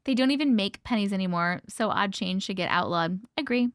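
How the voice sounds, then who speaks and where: A woman's voice: medium pitch, brisk, smooth, no echo, clean studio sound. A woman hosting a livestream, chatting casually with viewers, greeting them by name and laughing often. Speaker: livestream host.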